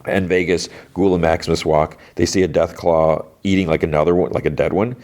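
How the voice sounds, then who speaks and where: A man's voice: low-pitched, fairly even intonation, brisk, darkish tone. A man hosting a podcast, recapping a TV episode in a loose, rambling way full of "like" and restarts. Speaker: podcast host.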